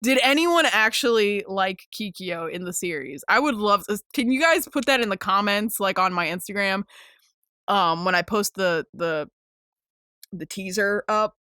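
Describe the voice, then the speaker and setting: A woman in her twenties hosting a casual solo podcast, chatting excitably with lots of swearing, laughter and filler words. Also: mid-range voice, moderate pace, no echo, studio quality. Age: 20s. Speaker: podcast host.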